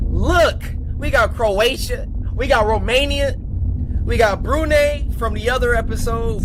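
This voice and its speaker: A man hosting a comedic video reaction show, joking and breaking into loud outbursts. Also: on the high side, background noise.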